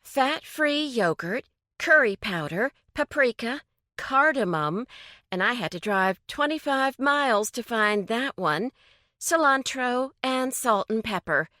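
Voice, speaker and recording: A woman voicing Lucy, a bubbly and confident woman who cooks for her friends and teases them in a lively, sing-song way. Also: a little high, slow, dry recording, studio quality, voice pushed up, heavily acted. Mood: cheerful. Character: bubbly confident woman cook, teasing hostess.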